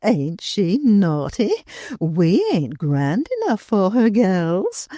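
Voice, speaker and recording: A woman's voice: medium pitch, very animated, takes it slowly, dark tone, dry recording, studio quality, voice pushed up. A woman voicing a brash, teasing middle-aged society woman who wheedles and mocks in slang.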